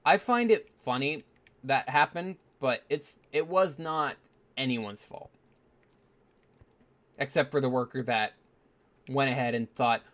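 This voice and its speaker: A man's voice: mid-range voice, unhurried, pauses often, fairly bright tone. Rambling man with a mid-range voice. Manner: rambling, full of fillers and self-mocking asides. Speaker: gaming video host. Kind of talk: casual storytelling while playing.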